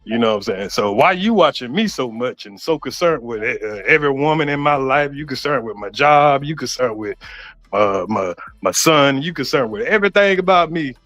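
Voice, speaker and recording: A man's voice: mid-range voice, animated, normal speed, fairly bright tone. A man who is an online content creator, arguing in a heated casual way, mocking and sarcastic and often repeating himself. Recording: dull lo-fi audio with faint music.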